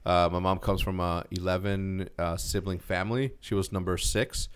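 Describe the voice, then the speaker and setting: A man's voice: sits low, moderate pace, clear, resonant tone. A man in his forties from Mexico, telling a long personal story in a casual podcast chat, with lots of restarts. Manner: storytelling, animated, many restarts. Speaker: podcast co-host.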